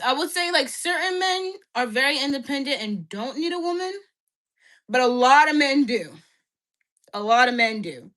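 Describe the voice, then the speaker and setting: A young woman with a fairly bright voice on the high side rants bluntly and profanely to her livestream chat. She repeats herself and uses "like" as filler a lot.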